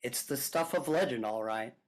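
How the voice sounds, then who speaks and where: A woman's voice: a bass voice, moderate pace. A woman reading the part of a male small-town cop, brief and friendly, in a virtual table read. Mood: easygoing.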